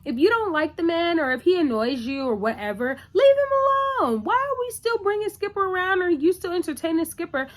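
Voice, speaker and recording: A woman's voice: extremely high pitch, sing-song, fairly quick, hardly any pauses. A woman recapping a TV episode in a casual, chatty, opinionated way, full of "like" and "you know".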